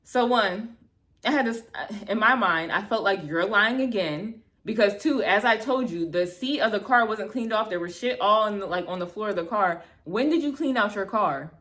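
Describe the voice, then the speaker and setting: A woman in her thirties telling a bad-date story to camera, animated and exasperated, acting out both sides of the conversation, with lots of "like" and casual swearing. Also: medium pitch, moderate pace. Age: 30s. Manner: heavy filler "like", casual swearing. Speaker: vlogger. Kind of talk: storytime vlog, casual retelling.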